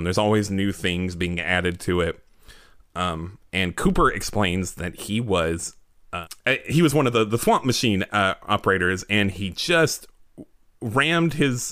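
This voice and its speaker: A man's voice: on the low side, fairly bright tone, no room sound, studio quality. A man narrating a tabletop role-playing game as game master, rambling with lots of fillers and restarts.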